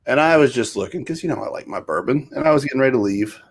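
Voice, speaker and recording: Man, middle-aged, casual co-host, rambling, laid-back, mid-pitched voice. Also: expressive, very fast. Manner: rambling, easygoing, casual storyteller. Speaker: podcast co-host. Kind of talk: casual chat.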